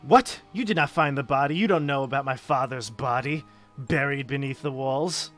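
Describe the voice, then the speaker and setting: A man's voice: mid-range voice, normal speed, soft background music, close to an everyday voice. A man voicing a mad young male count who raves about worms and a beating heart. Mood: raving. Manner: raving, shouting, manic.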